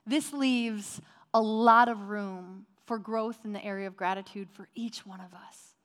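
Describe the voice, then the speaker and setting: A middle-aged woman pastor giving a sermon and telling lively personal stories. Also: mid-range voice, measured pace. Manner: storytelling, animated.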